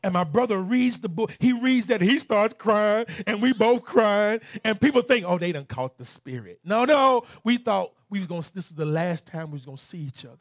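A man with a Southern US accent preaching a sermon. He shouts scripture, then tells a story in a softer, halting voice. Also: sits high, no room sound, clean studio sound. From Southern United States.

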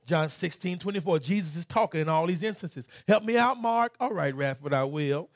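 Man, Southern US accent, preacher, sermon, shouted scripture and halting storytelling, dry recording. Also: a little high, dry recording. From Southern United States.

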